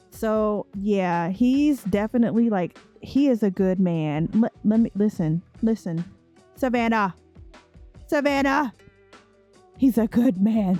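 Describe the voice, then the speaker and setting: Tired, mellow-voiced woman chatting over gameplay. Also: mid-range voice. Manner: chatty, laughing asides, talks straight to viewers. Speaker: let's play host. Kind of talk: casual gameplay commentary.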